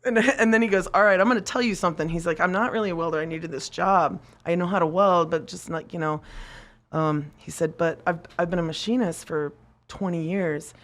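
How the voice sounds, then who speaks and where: Animated woman telling a story, lower voice. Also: brisk. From United States. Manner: animated storyteller, acts out quotes, swears, laughs often. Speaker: podcast guest, machinist. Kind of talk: casual storytelling interview.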